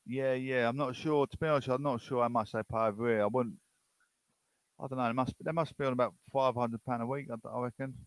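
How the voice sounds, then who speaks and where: A man's voice: mid-range voice, steady tone, fairly quick, clean tone, dry recording, low-quality recording. A man from the UK with a British accent, hosting a rambling, casual chat with strangers online. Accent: British English. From United Kingdom. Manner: rambling, chatty, unsure.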